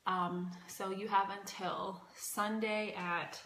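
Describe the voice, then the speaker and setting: A woman's voice: medium pitch, flat delivery, takes it slowly, sharp tone, slight background noise. Woman, young adult, life coach, casual livestream teaching, emphatic, repetitive, slightly breathless, echoey room. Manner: casual and emphatic, repeats phrases, swears at times.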